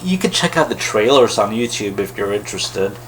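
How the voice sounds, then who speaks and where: A man's voice: on the low side, very animated, a little fast, fairly bright tone, a little hiss or hum, low-quality recording. A man giving a casual, rambling film review in a wry, critical way. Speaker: movie reviewer.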